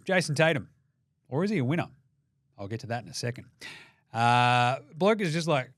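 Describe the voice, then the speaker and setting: Sweary Australian sports host. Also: male voice, medium pitch, fairly quick, dry recording, clean studio sound. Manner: profane, energetic, jokey banter. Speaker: basketball show host. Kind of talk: casual sports commentary.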